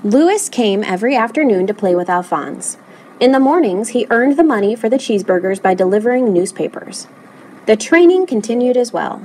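A woman reading a children's picture book aloud in an expressive, animated way. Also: on the high side, a little fast, slight background noise, low-quality recording. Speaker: storybook reader.

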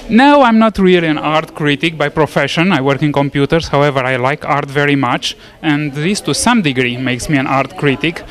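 A man with a fairly high voice answers a host's questions at a gallery opening. He speaks in a measured, polite, thoughtful way. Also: fairly bright tone. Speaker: guest at an exhibition. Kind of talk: casual interview.

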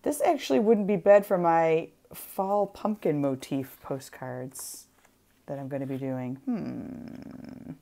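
A woman's voice: deep voice, creaky, mellow. A woman hosting a casual craft livestream, playful and giggly as she chats while stamping. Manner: playful, giggly, drawn-out delivery.

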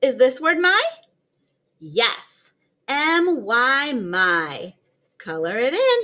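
A woman leads a kindergarten writing lesson, her high voice swooping up and down as she cheers the children on. She speaks slowly and patiently. The recording sounds a little dull and lo-fi. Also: very animated. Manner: sing-song, encouraging teacher voice for small children. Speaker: kindergarten teacher. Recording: slightly dull lo-fi audio.

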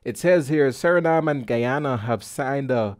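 A man from the Caribbean hosts a casual podcast, joking and teasing as he talks. His voice sits at an ordinary middle pitch. The sound is close and dry, with no room echo. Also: unhurried, darkish tone. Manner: playful, joking, loose conversational delivery. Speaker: podcast host.

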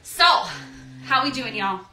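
Bright, lively American dance teacher counting. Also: female voice, sits high, a little slow. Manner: counts beats aloud and sings steps. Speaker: dance instructor. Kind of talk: live online dance class. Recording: roomy studio, mic at a distance.

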